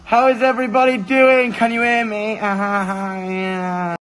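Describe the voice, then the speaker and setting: A young man chatting casually on a phone livestream from his kitchen, excitable, swearing a lot and shouting to his friends. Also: high-pitched, measured pace, smooth, soft background music, rough recording. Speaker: musician hosting a livestream. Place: kitchen at home. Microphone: phone camera.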